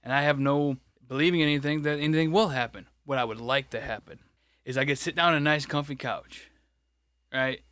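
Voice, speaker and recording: Man, casual podcast chat, rambling and cursing, higher voice, dry sound. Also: a little fast, fairly bright tone, clean tone, dry recording. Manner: rambling, frustrated, swears a lot. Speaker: podcast co-host; grocery stocker.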